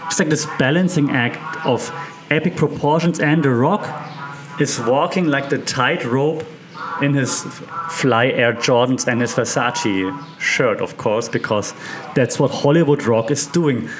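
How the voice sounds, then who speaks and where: An animated man who teaches media studies, talking with real enthusiasm and breaking into laughter as he goes. His pitch sits in an ordinary male middle range. Now and then a small cough slips in. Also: a little slow, a crowd in the background. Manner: excited, animated, laughs often. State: occasional cough. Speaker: media professor. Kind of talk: enthusiastic commentary.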